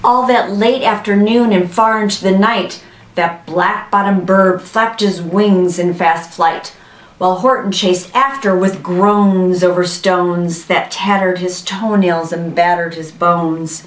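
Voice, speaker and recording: A woman reading a storybook to children, gentle, with playful asides. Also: on the low side, steady tone, slow pace, recorded from a distance. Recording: roomy, voice from off-mic.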